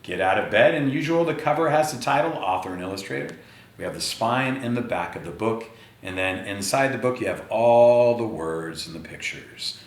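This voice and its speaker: A man reading a picture book aloud to children, speaking to them directly in an animated way. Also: mid-range voice, normal speed. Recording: echoey room.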